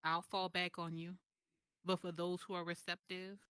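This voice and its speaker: Heartfelt woman with a slightly low voice. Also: level tone, bright, forceful tone, clean tone, dry recording. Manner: heartfelt, slow and emphatic, pausing between phrases. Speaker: guest speaker. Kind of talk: emotional personal testimony in group voice chat. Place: online voice chat server.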